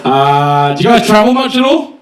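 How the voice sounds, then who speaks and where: Guy doing stand-up, swears a lot, picks on the crowd, slightly high voice, echoey room, from a distance. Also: big pitch swings, moderate pace, slight background noise. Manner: profane, teasing the audience. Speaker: stand-up comedian. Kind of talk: stand-up comedy set with crowd work. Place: comedy club stage. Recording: echoey club, distant mic, loud audience.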